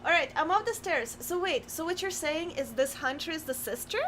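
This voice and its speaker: A woman co-hosting a game stream in casual, excitable chat, often flustered. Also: high-pitched, a little fast, over a noisy crowd. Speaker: streamer co-host.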